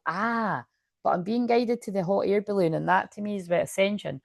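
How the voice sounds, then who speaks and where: A woman's voice: medium pitch, a little fast, vocal fry, no room sound, studio quality. A woman doing a casual tarot card reading to camera, chatty and rambling, often interrupting herself with asides.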